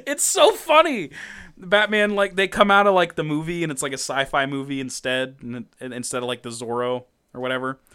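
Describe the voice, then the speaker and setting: A man co-hosting a podcast, recapping a comic in casual chat, animated, laughing often and swearing freely. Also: mid-range voice, quick pace, hardly any pauses, clean tone. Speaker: podcast co-host.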